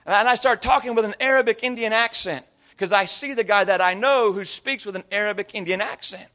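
Male pastor, 30s-40s, high-pitched voice; conversational sermon full of anecdotes and mimicry. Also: fast talker, sharp tone. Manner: storytelling, slipping into imitated voices and accents.

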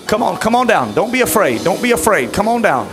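Male pastor, high lively voice, leads altar call and pleading prayer over music. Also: brisk. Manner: pleading, rising to shouted fervent prayer. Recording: music playing behind.

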